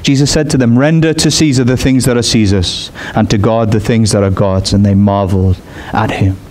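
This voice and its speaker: A man preaching a sermon in an expressive way. He climbs high in pitch on his emphatic points. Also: fairly quick.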